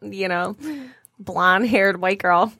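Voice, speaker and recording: A woman's voice: medium pitch, steady tone, slow, creaky, sharp tone, no room sound, studio quality. A woman co-hosting a podcast in casual chat, wry and joking. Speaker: podcast co-host.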